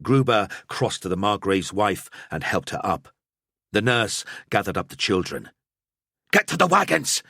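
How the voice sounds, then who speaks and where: A man's voice: sits low, expressive, moderate pace, fairly bright tone, dry recording, studio quality. A man narrating an audiobook, telling a battle scene in a dramatic storytelling style. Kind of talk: scripted narration.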